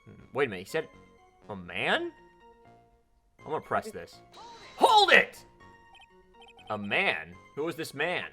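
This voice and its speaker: Lively male game streamer, bright edge, faint game music behind. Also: medium pitch, moderate pace, long pauses. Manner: animated, switching between mutters and loud outbursts. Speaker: let's play streamer. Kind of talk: reading game dialogue and commenting.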